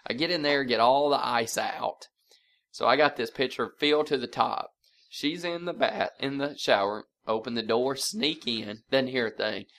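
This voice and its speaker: A man's voice: mid-range voice, moderate pace. A man co-hosting a podcast, telling a family prank story with laughter and casual swearing. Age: adult parent. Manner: animated, laughing storyteller who swears freely. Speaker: podcast co-host.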